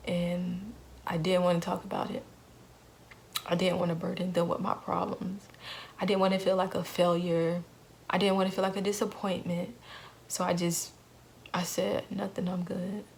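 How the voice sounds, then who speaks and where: A woman's voice: lowish voice, little pitch movement, normal speed, vocal fry, long pauses, slight background noise. A young woman vlogger telling a painful personal story in an earnest way, repeating phrases for emphasis.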